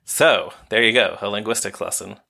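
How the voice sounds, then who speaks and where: A man co-hosting a podcast, chatting casually and briskly reading out listener mail. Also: fairly low pitch, gravelly, bright, forceful tone. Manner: brisk, reads listener comments aloud. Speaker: podcast co-host.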